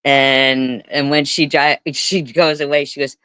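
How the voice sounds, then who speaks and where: A woman's voice: extremely low pitch, fairly even intonation, a little slow, hardly any pauses, a bit bright, clean tone, no room sound. A woman streamer giving rambling live commentary, swearing and repeating words for emphasis.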